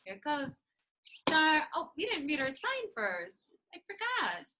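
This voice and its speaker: A woman speech therapist teaching preschoolers, talking in a sing-song, drawn-out way and clapping out syllables. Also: very high voice, sing-song, sharp tone, low-quality recording. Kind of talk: slow, sing-song teaching to young children.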